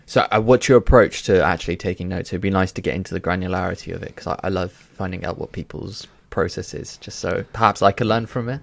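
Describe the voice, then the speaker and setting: A man's voice: deep voice, quick pace, gravelly, few pauses, no echo. A man hosting a podcast, chatting casually and asking curious questions. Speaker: podcast host. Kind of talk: casual interview chat.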